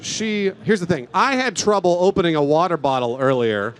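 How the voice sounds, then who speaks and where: Guy cohost, high voice, deadpan teasing. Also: normal speed. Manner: deadpan tall-tale teasing. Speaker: co-host. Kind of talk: casual live event chat.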